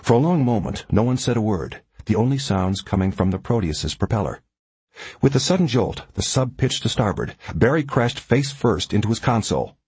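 A man narrating a thriller audiobook in a dramatic, measured way. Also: on the low side, expressive, a little mellow, husky, no echo.

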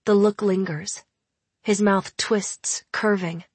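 Brief: female audiobook narrator, unhurried, soft and airy, dry studio sound. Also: mid-range voice, fairly even intonation, slightly rough, dry recording. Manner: measured, intimate storytelling. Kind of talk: first-person audiobook narration.

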